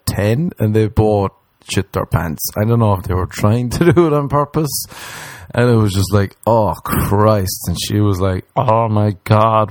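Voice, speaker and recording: A man, a comedian, spins a loose anecdote in casual chat. His voice sits a little low, and he swears freely while mimicking the people in his story. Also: darkish tone, no room sound. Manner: swearing, acts out quoted voices.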